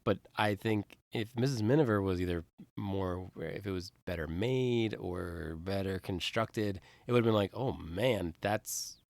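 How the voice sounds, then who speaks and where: Man with a lowish voice, dry no-room sound, wry casual film chat. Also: moderate pace, hardly any pauses, darkish tone, no room sound. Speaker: podcast co-host.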